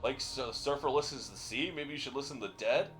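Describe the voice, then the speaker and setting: A man's voice: mid-range voice, quick pace, fairly bright tone, faint music behind, natural voice. A man doing a chill surfer priest. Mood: laid-back. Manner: drawling surfer slang. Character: laid-back surfer priest, chill male.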